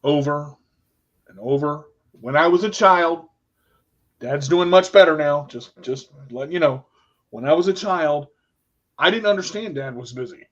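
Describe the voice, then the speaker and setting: A man's voice: on the high side, moderate pace, fairly bright tone. Emotional man telling a personal story. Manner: emotional, repetitive, restarts often. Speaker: radio show host. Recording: dull lo-fi sound.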